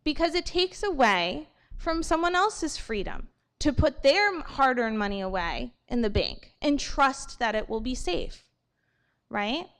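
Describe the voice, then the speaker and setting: A woman from New giving a morning assembly talk to students, animated and checking in with "okay?" and "right?" after her points. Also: high voice, a little slow. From New York. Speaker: school assembly speaker.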